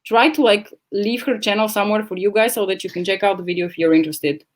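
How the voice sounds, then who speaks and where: On a casual home livestream, a woman speaks quickly in a mid-range voice into her laptop's camera microphone. She talks bluntly and at length, rambling and cursing as she chats.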